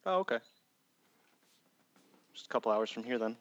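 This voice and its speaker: A man's voice: medium pitch, lively intonation, moderate pace, fairly bright tone, dry recording, lo-fi sound. A friendly man from Wisconsin, a guest on a podcast in casual chat.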